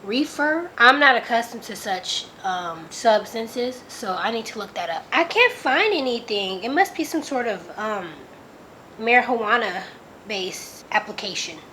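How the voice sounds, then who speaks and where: A woman's voice: a little high, big pitch swings, unhurried, bright, forceful tone, a little hiss or hum. A woman from Oakland reading a book aloud and commenting on it in a chatty way, filling her sentences with "like" and sounding openly incredulous. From Oakland, California. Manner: chatty, lots of "like", reacts with disbelief. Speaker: book reviewer.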